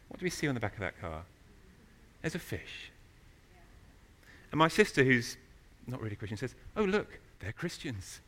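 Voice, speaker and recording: A man preaching a sermon in a church, telling stories with animated, loud emphasis. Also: on the high side.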